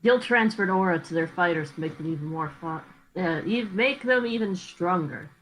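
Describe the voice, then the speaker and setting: Low-voiced woman reading narration casually. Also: lively intonation, moderate pace, a little hiss or hum, low-quality recording. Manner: laughs easily, jokes between passages. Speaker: co-host reading a novel aloud. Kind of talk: casual read-aloud of narration.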